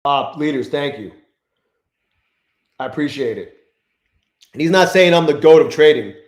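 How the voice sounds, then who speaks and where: A young man talks loosely and profanely to his live audience as he trades, his voice sitting fairly high. He keeps greeting chat viewers by name between remarks. The room around him rings with echo. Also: lively intonation, normal speed. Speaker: live-stream trading host. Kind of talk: casual live-stream chat. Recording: echoey room.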